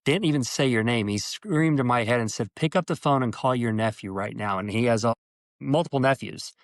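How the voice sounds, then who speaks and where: In a dry recording, a male interview guest tells his own story with sincerity, breaking off and beginning again, and jumping up in pitch whenever he acts out what someone said.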